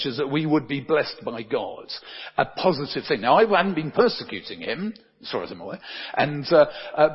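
A man's voice: medium pitch, slightly rough. A man, a pastor, preaching a conversational sermon full of tag questions like "don't they?". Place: church. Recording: dull sound with long church reverb.

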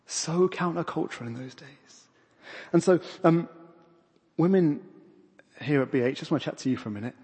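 A man's voice: on the high side, moderate pace, pauses often, a little mellow, breathy edge. A man, preaching a sermon in a conversational, self-deprecating way. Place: church. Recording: long reverb of a church hall.

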